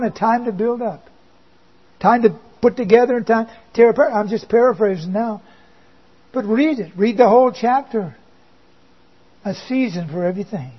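Slow, high-voiced preacher on lo-fi audio. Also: male voice. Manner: slow, emphatic preaching with dry asides. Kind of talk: sermon. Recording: dull lo-fi recording.

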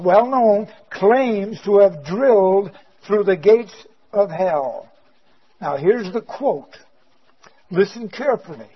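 Preacher guy, high voice, slow and drawn out, big rhetorical questions, hellfire sermon. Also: husky, lo-fi sound. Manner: rhetorical questions, slow emphatic delivery, dramatic swings in loudness. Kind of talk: fire-and-brimstone sermon.

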